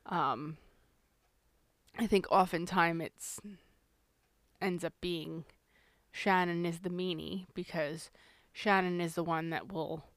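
A woman's voice: fairly low pitch, fairly even intonation, takes it slowly, pauses often, dry recording. A woman co-hosting a parenting podcast, talking frankly and laughing at herself in casual chat. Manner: frank, self-deprecating, laughs often. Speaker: podcast co-host.

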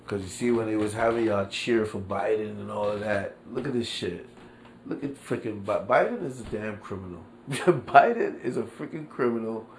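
This podcast host has a fairly low-pitched male voice, recorded with a little background noise. He rants animatedly in casual commentary, dropping New York street slang, cursing without restraint, and breaking into frequent laughter.

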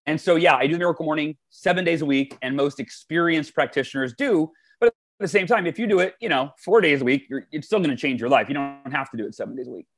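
A man in his forties speaks with a somewhat high voice, chatting as an interview guest. He tells stories in an animated, eager way, doubling words as he gathers his thoughts. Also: fast, few pauses, faint music behind. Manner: enthusiastic, animated, repeats words when starting phrases. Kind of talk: conversational storytelling.

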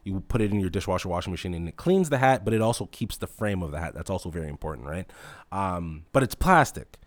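Young man ranting with lively swings. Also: low-pitched, fast talker, dry recording. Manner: animated, exasperated, heavy swearing, mock-incredulous. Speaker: retail store manager. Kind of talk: storytime rant to camera.

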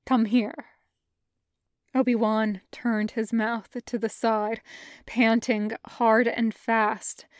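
A woman narrating a fan fiction audiobook with a measured, careful reading. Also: a little high, level tone, no room sound, studio quality. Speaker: podfic reader.

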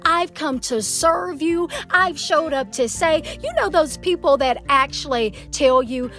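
A woman's voice: sits high, normal speed, a bit bright, faint music behind. A woman from Georgia with a Southern accent, hosting an inspirational prayer podcast, emphatic and encouraging, with lots of "y'all" and "come on.". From Atlanta, Georgia. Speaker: podcast host.

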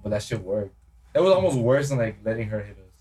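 A man's voice: fairly low pitch, animated, quick pace, darkish tone. A young man hosting a podcast, telling stories casually, swearing and acting out quotes. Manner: swearing, storytelling with acted-out quotes. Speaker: podcast host. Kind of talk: casual chat. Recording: distant mic with faint noise.

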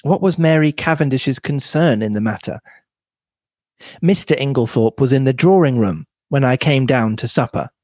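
A man reading a novel aloud in a measured, steady manner. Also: mid-range voice, no room sound, clean studio sound. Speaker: reader.

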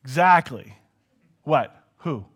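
Animated man preaching, lively voice. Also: takes it slowly, husky. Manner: conversational, acts out quoted dialogue with swings in pitch and volume. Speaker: pastor. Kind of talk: sermon.

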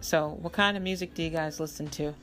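A woman's voice: sits low, steady tone, a little fast, fairly bright tone, soft background music. A woman hosting her own podcast, chatting casually to her listeners with frequent fillers. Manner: chatty, informal, trailing fillers. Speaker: podcast host. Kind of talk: casual solo podcast chat.

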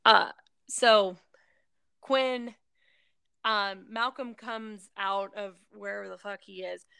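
A woman's voice: mid-range voice, fairly even intonation, gravelly, pushed and bright, clean tone, no echo. A woman casually recapping a film plot in a rambling way, with lots of fillers, and briefly acting out the characters' lines. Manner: rambling storytelling with many fillers; acts out characters' lines in quick voices. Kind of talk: casual chat.

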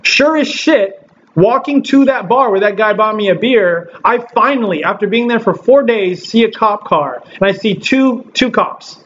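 High-voiced animated man from Southern California. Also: normal speed, lo-fi sound, slight background noise. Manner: animated storyteller who acts out quotes and laughs often. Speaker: podcast host. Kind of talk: casual chat, storytelling.

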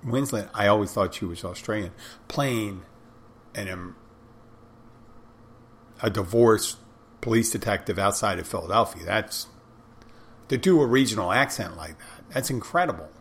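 A man's voice: lowish voice, moderate pace, pauses often. A man talking casually on his own, rambling with restarts and asides, blunt and sometimes swearing. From United States. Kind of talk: casual monologue.

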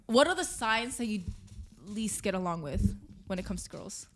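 A woman's voice: medium pitch, expressive, moderate pace, fairly bright tone, slight background noise. A woman co-hosting a podcast with an LA Koreatown accent, over-articulating her words playfully. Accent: Los Angeles Koreatown. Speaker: podcast co-host. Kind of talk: casual chat.

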